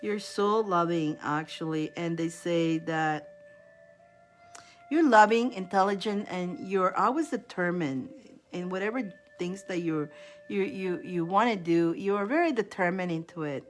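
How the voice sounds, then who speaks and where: A woman's voice: lowish voice, unhurried, soft background music. A woman giving live-stream tarot readings, chatty, repeating names and laughing often between readings. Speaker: tarot reader.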